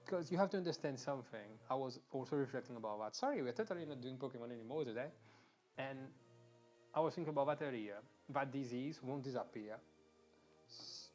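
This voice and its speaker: Ranting young man. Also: mid-range voice. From Mauritius. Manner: animated, swearing, restarts mid-sentence. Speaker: streamer. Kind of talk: casual ranting during a game stream.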